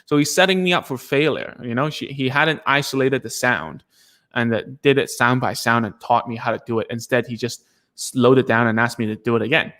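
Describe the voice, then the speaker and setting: A man's voice: medium pitch, fairly quick, fairly bright tone. A young man teaching parents about child speech in a casual, chatty way, with many fillers and restarts, saying sample words aloud to show them. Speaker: speech coach. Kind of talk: casual explanatory lesson.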